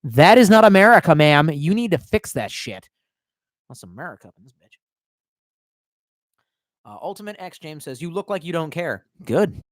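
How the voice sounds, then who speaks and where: Sounding drunk, a man in his twenties casually streams live, reading chat comments aloud, swearing all the time and rambling from loud outbursts to quiet muttering. His voice is a little high and animated, at normal speed with long pauses, in a dry, clean studio recording.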